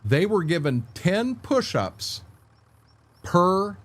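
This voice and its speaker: Animated older man telling war stories. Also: high voice, extremely slow. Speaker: game streamer. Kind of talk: casual storytelling on a stream.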